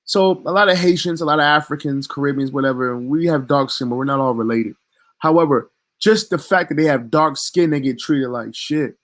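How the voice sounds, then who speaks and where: A man's voice: on the high side, brisk, a bit bright. A man delivering a heated commentary rant as a vlogger, talking in a profane, emphatic and indignant way.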